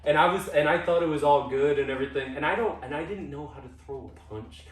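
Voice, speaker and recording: A man's voice: fairly high pitch, quick pace. A young man telling a story in casual chat, rambling and cutting himself off, swearing freely. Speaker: podcast co-host. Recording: roomy sound from a distant mic.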